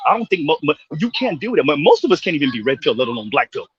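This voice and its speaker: A man's voice: fairly high pitch, sing-song, very fast. A man hosting a casual panel discussion over a call, talking emphatically and repeating himself when he cuts in. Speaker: host. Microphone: remote call microphone. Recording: muffled lo-fi call audio.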